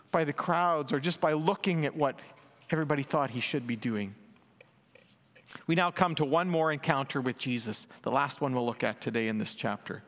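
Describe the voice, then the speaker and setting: This preacher has a medium-pitched, fairly bright voice and delivers an earnest, emphatic sermon explaining scripture as he reads it. Quoted lines get a raised voice, and the recording carries long hall reverb.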